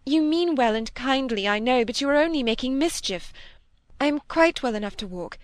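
A trembling, defiant young woman pours out her distress in a storybook reading, as a woman puts her on. Her voice rides high and strained, pleading and emotional. The recording is dry and close. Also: lively intonation, moderate pace, no room sound. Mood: distraught. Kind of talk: audiobook character reading.

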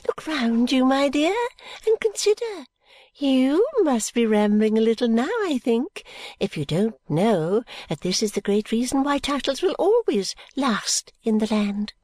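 A woman reads aloud as an eccentric old woman, high and fluttering, who gushes in breathless rapture. The voice sits far above the reader's own, recorded dry and close. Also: a little mellow, dry recording. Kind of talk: audiobook character voice.

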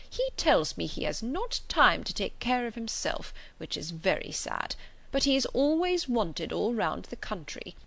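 A woman reading the part of a fussy, anxious elderly gentleman who dotes on his daughter, in a gently fretful way. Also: mid-range voice, gravelly, pitched above the performer's own voice, exaggerated voice.

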